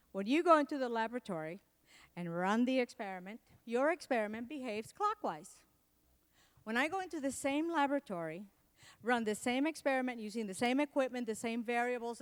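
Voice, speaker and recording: Animated middle-aged woman giving a comedic keynote. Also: on the high side, normal speed, clear, resonant tone. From Latin America. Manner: animated storytelling, acts out quotes. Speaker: keynote speaker.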